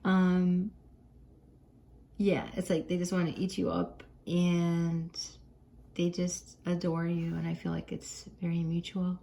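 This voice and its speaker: An American woman doing a casual tarot card reading for her viewers, chatty and gentle, often laughing. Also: fairly low pitch, little pitch movement, slow, gravelly.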